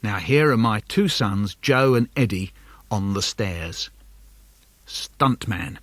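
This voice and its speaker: A man reading his own children's poems for a studio cassette in an animated, comic way, slipping into lively character voices. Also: lowish voice, slow, no echo. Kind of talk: playful poetry reading for children.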